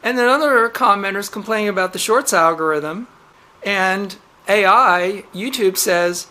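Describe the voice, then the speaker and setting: A woman on her own channel delivers an exasperated vlog rant in a middle-pitched voice. She reads quoted lines in a flat tone, then fires back with sharp, disbelieving outbursts and plenty of swearing. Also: moderate pace. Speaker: channel host. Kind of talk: ranting vlog commentary.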